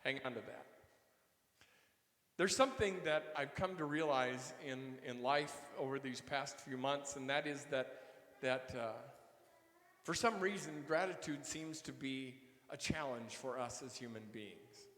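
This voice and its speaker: A man's voice: mid-range voice, measured pace, a bit bright. A man, a minister reading the gospel and preaching a homily in a conversational way, asking the congregation questions and often repeating his words. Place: church. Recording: echoey church hall reverb.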